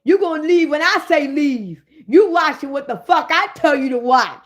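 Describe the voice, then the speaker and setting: A smart-home assistant that has woken up and turned vengeful, as a woman puts her on. She snaps out profane, commanding orders in a high voice. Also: lively intonation, normal speed. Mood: domineering. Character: bossy smart-home assistant come alive, female, vengeful.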